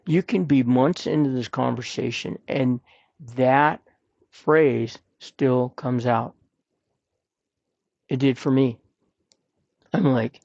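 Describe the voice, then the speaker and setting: A man's voice: mid-range voice, steady tone, slow pace, gravelly, long pauses, darkish tone, no echo, dull audio. A man hosting a podcast, giving earnest, plain-spoken advice and repeating his points for emphasis. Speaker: podcast host. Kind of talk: personal advice talk.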